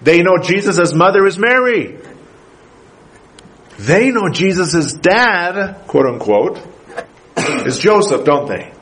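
A man with a high voice preaches a sermon to his congregation in church. He builds to emphatic bursts and often stops to ask the congregation questions. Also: very animated, takes it slowly, pauses often, fairly bright tone, a little hiss or hum, poor audio. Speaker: pastor.

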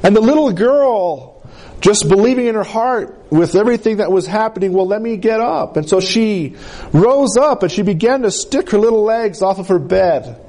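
A man preaching a sermon, telling a healing story in a slow, dramatic way with deep drops in his voice. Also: animated, warm tone.

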